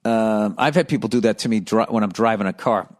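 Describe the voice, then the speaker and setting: A man's voice: fairly low pitch, brisk. A middle-aged man hosting a podcast, ranting sarcastically and profanely about cyclists while reading listener letters. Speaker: podcast host.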